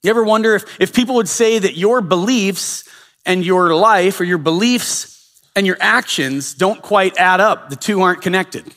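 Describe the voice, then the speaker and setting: A man's voice: high-pitched, normal speed, fairly bright tone. A male pastor giving a sermon in a casual storytelling way, with frequent filler uhs. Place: church sanctuary. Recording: long reverb of a church hall.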